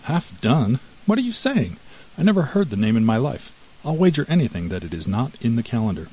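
A man voicing a timid, fretful female house mouse in a storybook, squeaky and exclaiming. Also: sing-song, fast, mellow, slightly rough, low-quality recording.

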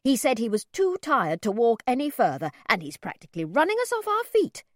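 A woman voicing an indignant, sharp-tongued mother who speaks slowly and emphatically, in a storybook reading. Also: high voice, huge pitch swings, no echo, studio quality, voice pushed up, heavily acted. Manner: emphatic, slow, outraged.

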